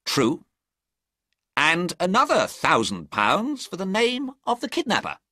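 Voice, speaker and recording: Brief: worn-out aristocrat over 60, strained and pleading, bright and lively pitch, as a male narrator puts him on. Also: a little slow, no room sound, studio quality, exaggerated voice. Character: tired, proud older nobleman.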